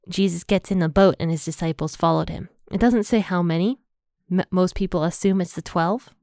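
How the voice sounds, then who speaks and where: A woman hosting a Bible podcast, walking through verses in a relaxed, conversational way with everyday phrasing. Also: lowish voice, dry recording, clean studio sound. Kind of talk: casual Bible study teaching.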